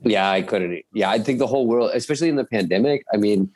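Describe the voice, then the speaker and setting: Rambling lower-voiced man in casual chat. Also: fast talker, darkish tone. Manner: rambling, lots of fillers and restarts. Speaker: guest musician. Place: home in Bavaria.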